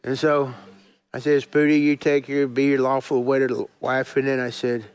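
A man's voice: medium pitch, flat delivery, normal speed, smooth. A middle-aged male pastor telling a story in a sermon, folksy and chatty, often restarting and chuckling at himself.

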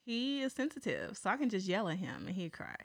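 A woman's voice: mid-range voice, huge pitch swings, fairly quick, gravelly, dry recording, clean studio sound. A young woman co-hosting a podcast, speaking frankly and outspokenly. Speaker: podcast co-host. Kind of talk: casual podcast chat.

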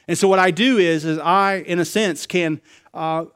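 A man preaching a sermon, confessional and personal, acting out conversations, swinging between loud excited bursts and quiet low remarks. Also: normal speed, smooth. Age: adult, married with young children. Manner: acts out dialogue in quoted voices. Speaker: pastor.

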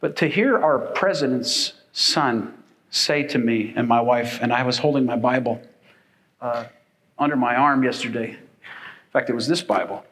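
A man's voice: mid-range voice, unhurried, fairly bright tone, low-quality recording. An older man preaching a sermon as pastor, folksy and rambling, with frequent fillers.

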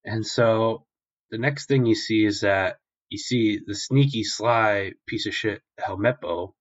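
A young male podcast host retells a story in a loose, rambling way and swears often. His voice sits fairly low, and the recording is dull and lo-fi. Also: unhurried. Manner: rambling, profane, animated retelling. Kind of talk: casual episode recap.

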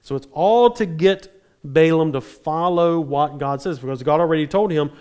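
A man preaching a sermon, retelling a scripture story in a conversational way with dry humor and quick asides. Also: on the high side, darkish tone, clear, resonant tone.

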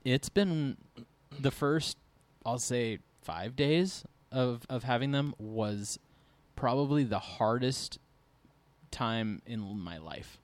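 A man's voice: medium pitch, lively intonation, slow, dry recording. A middle-aged man co-hosting a casual podcast chat, speaking candidly and rambling with many fillers. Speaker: podcast co-host.

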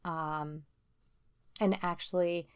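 A woman's voice: lowish voice, fairly even intonation, slow pace, clear, resonant tone. A young woman co-hosting a podcast, chatting casually and rambling with fillers, laughing often. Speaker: podcast co-host. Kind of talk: casual chat.

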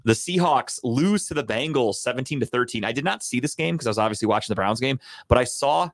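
A man's voice: medium pitch, animated, fast talker, no room sound, studio quality. A man co-hosting a podcast, rambling and swearing as he chats through the week's football results. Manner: profane, rambling. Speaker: podcast co-host. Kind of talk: casual sports chat.

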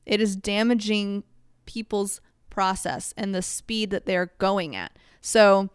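A woman talks through advice in a casual, rambling way, dropping fillers and poking fun at herself. Her voice is smooth and clear, recorded close and dry with no room sound. Her pitch sits in a middle range for a woman. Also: slow, dry recording. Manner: chatty, filler-heavy, self-mocking. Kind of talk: casual advice chat to camera.

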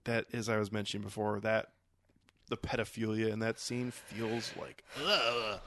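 A man in casual podcast chat, reviewing a film in an animated, profane way and laughing often. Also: lowish voice, moderate pace, no echo, studio quality.

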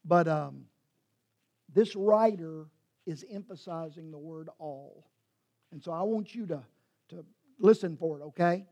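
Preacher in his 60s, mellow voice, rambles, keeps correcting himself, teasing. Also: a little high, measured pace, long pauses. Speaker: pastor. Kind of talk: sermon.

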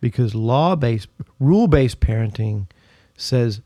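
A man in a casual conversation who explains ideas in a careful, measured way. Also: medium pitch, animated, warm tone, no echo, clean studio sound. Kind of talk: casual chat.

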